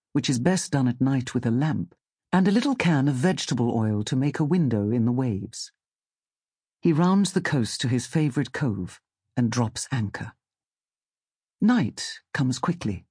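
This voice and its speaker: A man narrating an audiobook story in a calm, measured way on a close studio mic. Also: medium pitch, husky, no echo.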